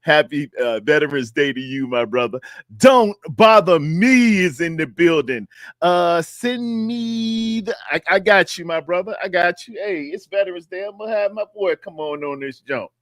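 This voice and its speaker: A man's voice: high voice, expressive, normal speed, fairly bright tone, dry recording, clean studio sound. A man hosting a sports fan livestream in a loose, repetitive, chatty way, calling out viewers by name. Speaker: sports show host. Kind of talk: casual livestream chat. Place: home studio in North Carolina.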